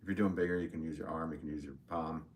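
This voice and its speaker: A middle-aged man with a very deep voice talks very fast in a steady tone while hosting a live pottery stream. He rambles in a friendly way, showing off his pots and reading viewers' comments aloud, in the casual chat-and-demonstration style of a live stream.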